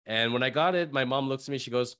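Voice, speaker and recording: A man hosting a podcast, chatting casually and telling animated anecdotes. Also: medium pitch, fast, clean tone. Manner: animated anecdote teller, voices his mom in quotes. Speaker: podcast host.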